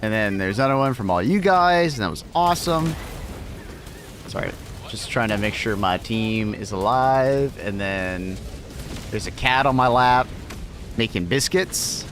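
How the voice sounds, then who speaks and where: A man's voice: medium pitch, lively intonation, unhurried, fairly bright tone. Chatty man streaming a game. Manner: chatty, talks to his cat, swears casually. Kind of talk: casual live-stream chat.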